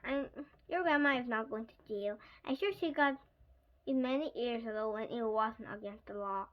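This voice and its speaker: A woman reading aloud, voicing a patient woman schoolteacher who explains and gently scolds. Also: on the high side, moderate pace, dull audio, lightly acted. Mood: firm.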